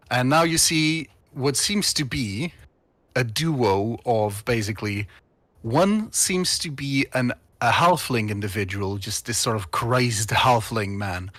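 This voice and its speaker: A man's voice: medium pitch, fairly bright tone, dry recording. A man narrating as game master of a tabletop game, rambling with many fillers.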